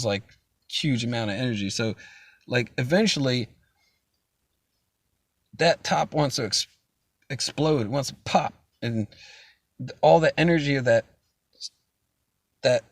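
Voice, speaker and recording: Recorded dry, this young man's mid-range voice carries a loose, rambling chat stream that he hosts. He swears a lot and laughs often.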